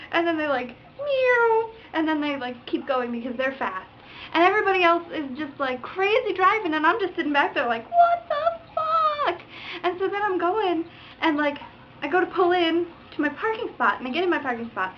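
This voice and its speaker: A young woman vlogger telling a driving story in a casual rant, acting out other drivers with sound effects and curses. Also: high-pitched. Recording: dull lo-fi webcam audio with faint noise.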